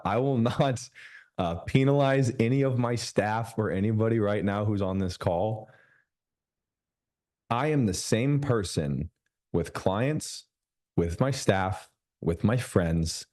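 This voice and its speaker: A man coaching a group over a video call, emphatic and slowing down to stress his points. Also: sits low, a little mellow. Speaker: business coach.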